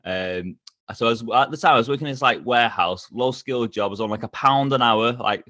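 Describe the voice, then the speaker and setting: A middle-aged man, a podcast guest telling stories with lively energy and frequent laughs. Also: medium pitch, a little fast, no room sound. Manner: energetic, animated, laughs often. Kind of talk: casual storytelling interview.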